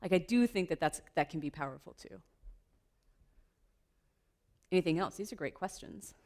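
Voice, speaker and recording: A woman giving a playful, lively keynote talk at a conference, laughing often with the audience. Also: fairly low pitch, quick pace. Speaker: keynote speaker. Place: conference room.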